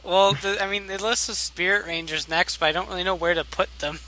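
Laid-back male podcast co-host, bright tone, slightly high pitch. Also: steady tone, fairly quick, slight background noise, rough recording. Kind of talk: casual fan chat.

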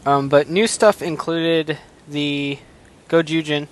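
A man's voice: a little high, fairly even intonation, slow pace, a little hiss or hum. A man co-hosting a casual podcast, laid-back and rambling, with frequent ums while going through news. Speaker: podcast co-host. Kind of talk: casual chat.

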